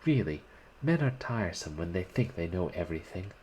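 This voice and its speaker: A man's voice: sits low, big pitch swings, fairly quick, a little mellow, slight background noise, poor audio. A man reading aloud and voicing an anxious young woman who nervously pleads during a bombardment. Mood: anxious, pleading.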